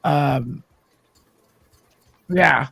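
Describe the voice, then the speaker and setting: A man's voice: mid-range voice, extremely slow, creaky, pushed and bright, husky, no room sound. A man hosting a casual livestream chat, joking and teasing his guests and swearing freely. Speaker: host.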